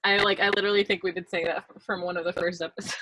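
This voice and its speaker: A woman's voice: fairly low pitch, flat delivery, fast talker, bright, forceful tone, low-quality recording. A young adult woman, a comedian co-hosting a casual podcast, who laughs often in the middle of her sentences.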